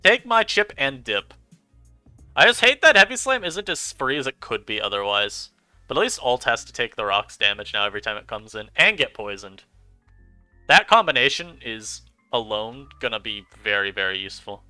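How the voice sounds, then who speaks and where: A man giving chatty, animated commentary over his own gameplay as a streamer, laughing often. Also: mid-range voice, moderate pace, clean tone, dry recording, faint music behind. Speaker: online game streamer.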